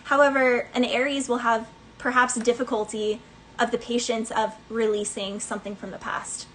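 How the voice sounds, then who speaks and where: A woman's voice: a little high, little pitch movement, normal speed, fairly bright tone, slight background noise, poor audio. A woman giving a casual tarot reading in a chatty, playful way, laughing between thoughts. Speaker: tarot reader.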